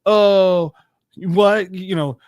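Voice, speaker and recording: A blustering, sneering bully who taunts and picks a fight, as a man puts him on. The voice sits a little high and comes across dry and close. He mocks and threatens. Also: fairly even intonation, very slow, darkish tone, no echo. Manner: mocking, blustering. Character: hostile, sneering grown man picking a fight.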